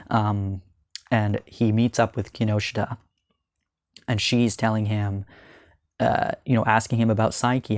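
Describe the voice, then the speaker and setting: A young vlogger shares his thoughts on a manga in a casual review, earnest and halting, with many ums and restarts, slowing and softening at the emotional parts. His voice is lowish, and the studio-quality recording has no echo.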